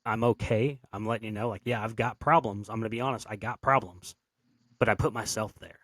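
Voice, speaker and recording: A man's voice: on the low side, fairly quick, a bit bright, dry recording. A man hosting a podcast who talks bluntly and casually, swearing freely as he shares his view. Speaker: podcast host.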